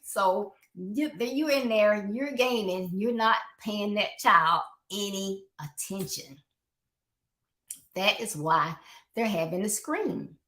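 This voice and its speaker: Brief: female life coach and show host, mid-pitched, casual and teasing, recorded live in a room with a noticeable echo. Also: slow pace, a bit bright. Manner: conversational, teasing, acts out little scenes in voices. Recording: roomy echo.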